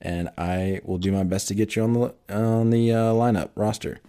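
A young man with a slightly low voice talks through a casual sports podcast in a loose, joking way. He laughs easily and keeps things relaxed. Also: moderate pace, smooth. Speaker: podcast co-host.

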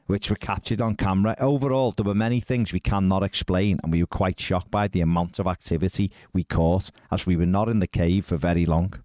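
A man's voice: low voice, steady tone, fairly quick, hardly any pauses, a little mellow, no echo, studio quality. A man hosting a podcast, reading out news stories with wry, disbelieving asides. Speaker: podcast host.

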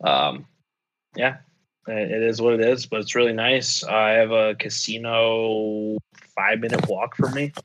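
A man's voice: on the low side, unhurried, a bit bright. A young man telling stories casually on a podcast, laid-back and profane, laughing often. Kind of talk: casual storytelling chat. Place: apartment abroad, call-in. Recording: dull lo-fi audio.

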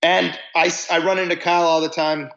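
A man's voice: on the high side, little pitch movement, fairly quick, a bit bright, highs cut off. A man guest on a podcast, telling casual stories about touring in a band, often restarting his sentences. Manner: rambling, self-interrupting storyteller. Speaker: musician guest. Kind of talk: casual storytelling interview.

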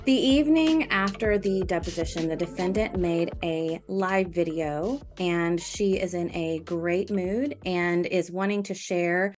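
A woman hosting a podcast, reading a scripted narration in a measured, even way. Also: lowish voice. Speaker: podcast host. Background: faint music.

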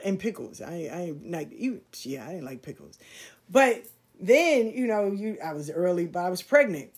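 A middle-aged woman tells her own story in a loose, casual way. She slips into other people's voices for their lines, full of street slang. Her telling is lively and animated. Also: fairly low pitch. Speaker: storyteller sharing her life.

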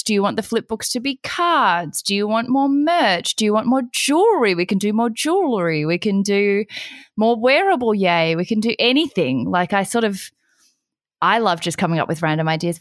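Animated, giggly young woman host. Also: mid-range voice, no echo, studio quality. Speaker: podcast host. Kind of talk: casual chat.

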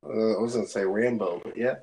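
A man's voice: lowish voice, fairly even intonation, quick pace, vocal fry, darkish tone, slight background noise. A man co-hosting a podcast, chatting casually in a laid-back, matter-of-fact way. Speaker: podcast co-host. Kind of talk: casual chat.

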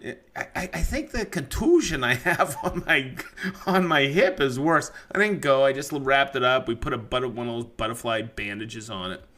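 Animated, swearing man telling a shop story. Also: medium pitch, moderate pace, few pauses. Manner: animated, profane, laughing storyteller. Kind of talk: casual podcast storytelling.

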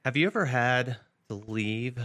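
A man's voice: mid-range voice, animated, a little slow, sharp tone. A man hosting a podcast in casual chat, asking questions and teasing his co-host. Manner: joking, asks questions, teasing.

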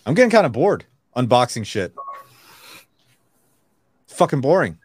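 A man co-hosting a podcast in casual chat, blunt and quick to swear, laughing often at his own jokes. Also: mid-range voice, very animated, breathy edge. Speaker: podcast co-host.

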